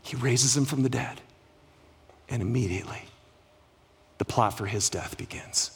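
A male pastor delivering a sermon, rising to loud cries and dropping to hushed, quiet lines. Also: normal speed, vocal fry, husky. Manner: dynamic preaching, swings from loud cries to hushed lows.

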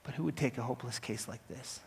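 A man preaching a dramatic first-person story, swinging from hushed to loud. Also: medium pitch, fast talker, vocal fry, in a large hall, slight background noise.

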